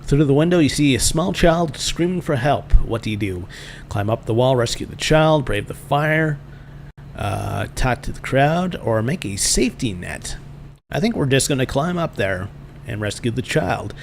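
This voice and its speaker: A man's voice: mid-range voice, expressive, moderate pace, vocal fry, a little hiss or hum. Wry man narrating a game. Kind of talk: casual let's-play narration and reading.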